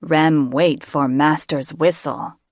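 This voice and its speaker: A woman narrator voicing a dim, eager male griffin servant who talks in slow, broken sentences through his nose. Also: low-pitched, steady tone, dry recording, studio quality. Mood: servile. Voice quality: nasal. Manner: broken grammar, slow, servile. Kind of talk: audiobook character voice.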